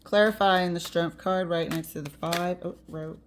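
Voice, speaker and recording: A woman's voice: on the low side, fairly even intonation, moderate pace, slight background noise. A woman giving a casual tarot reading, chatty and blunt, with the odd swear word and easy laughter. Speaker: tarot reader.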